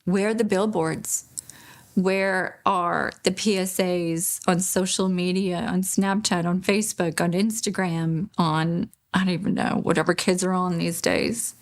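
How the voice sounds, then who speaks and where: A woman speaking as a grieving mother in an interview, halting and pausing, restarting her sentences. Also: on the low side, fairly even intonation. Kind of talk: emotional interview testimony.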